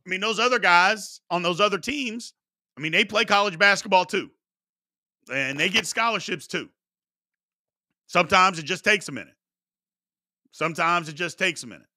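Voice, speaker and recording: A man's voice: high voice, moderate pace, pauses often, sharp tone. A man from Kentucky hosting a casual sports talk show, reacting to chat comments and often repeating himself for emphasis.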